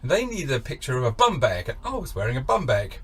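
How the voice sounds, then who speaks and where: English man, middle-aged, channel host; husky, self-mocking, rambling monologue. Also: medium pitch, wildly swooping pitch, fast. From England.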